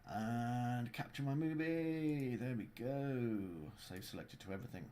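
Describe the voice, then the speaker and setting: A man hosting a casual livestream tutorial as a game developer. He walks through his software in a playful, jokey way. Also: mid-range voice, a little slow.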